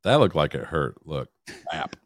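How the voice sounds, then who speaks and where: A man's voice: rumbling low, very animated, normal speed, no echo, clean studio sound. A man co-hosting a casual podcast who pushes back bluntly and sarcastically and swears now and then. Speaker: podcast co-host. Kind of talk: casual argumentative podcast banter.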